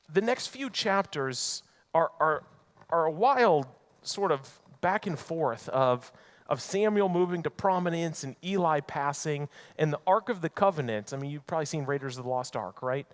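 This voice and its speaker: A man preaching in a church sanctuary, retelling a Bible story in a relaxed, conversational way. His pitch swings widely and sits a little high for a man, and he slips into acted voices for the characters. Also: normal speed. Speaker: pastor. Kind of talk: sermon.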